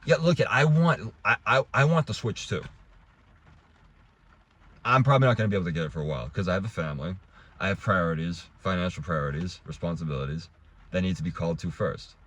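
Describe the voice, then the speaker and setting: A man's voice: low voice, quick pace, fairly bright tone. A young adult man giving a heated, rambling casual rant to camera, restarting and swearing as he talks. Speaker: vlogger.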